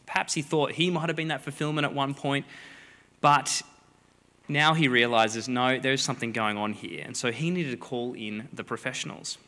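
Lively preacher in a reverberant hall. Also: male voice, mid-range voice, moderate pace. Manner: lively, joking storyteller voicing characters. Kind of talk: sermon.

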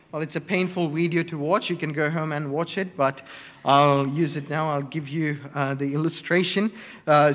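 A man preaching a sermon, slow and deliberate, stressing words one by one in emphatic lists. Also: a little high, big-room sound.

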